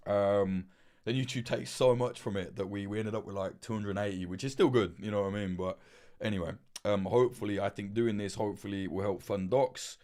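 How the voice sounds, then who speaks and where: Swearing freely and rambling with many fillers and restarts, a livestream host in his late twenties chats casually. His voice is lowish and a little mellow, fairly even in intonation, and fairly quick.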